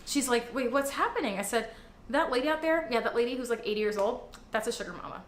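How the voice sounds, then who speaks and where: Young woman ranting a story, a bit high, echoey room with faint hiss. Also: expressive, fast. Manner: chatty, dramatic, swears freely. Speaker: storyteller in a clip. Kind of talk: casual storytelling.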